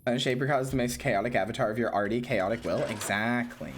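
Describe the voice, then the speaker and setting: A young woman streamer giving joking, animated gameplay commentary and bantering with her chat. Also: rumbling low, a little fast, noisy background.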